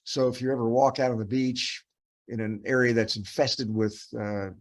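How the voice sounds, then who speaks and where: A man's voice: medium pitch, little pitch movement, normal speed. A middle-aged man, a dermatopathologist, reviewing cases with a resident, talking in a loose, rambling way with many fillers and restarts. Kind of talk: case review teaching.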